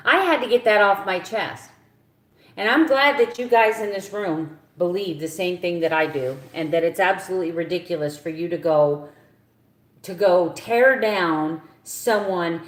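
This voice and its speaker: A woman's voice: mid-range voice, a little slow, fairly bright tone. A woman, ranting passionately and bluntly as she talks to her viewers on a casual live stream. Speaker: keto vlogger on a live stream. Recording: echoey room.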